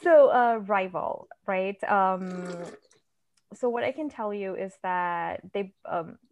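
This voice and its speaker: A woman from India talks through her writing on a podcast. She is animated, laughs a lot and acts out what she was thinking, in relaxed, casual chat. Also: medium pitch, takes it slowly. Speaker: author guest.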